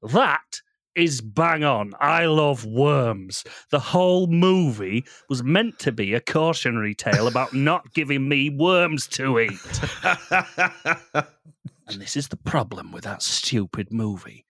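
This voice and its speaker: A man's voice: medium pitch, expressive, takes it slowly, fairly bright tone, no echo. Man doing the Babadook, brash put-on Aussie monster. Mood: insistent. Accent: put-on Australian. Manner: swaggering, crude, breaks into laughter. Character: the Babadook, tall male monster obsessed with worms. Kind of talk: comedy podcast character bit.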